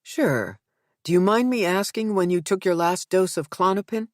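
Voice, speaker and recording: Woman playing a calm female therapist, gentle, measured, dry close sound. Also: on the low side, no room sound, pitched above the performer's own voice, natural voice.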